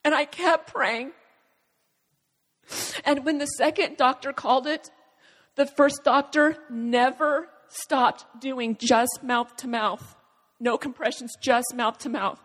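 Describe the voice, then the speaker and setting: A woman telling a personal testimony in an earnest, halting way, with dramatic pauses. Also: sits high, in a large hall. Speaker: speaker sharing a personal testimony. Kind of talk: emotional spoken testimony.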